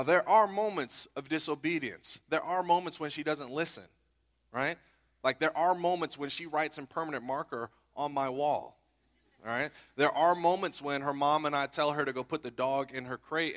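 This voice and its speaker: Preaching in a conversational way, a pastor in his thirties with a mid-range, fairly bright voice keeps checking in with his listeners through "okay?" and "right?".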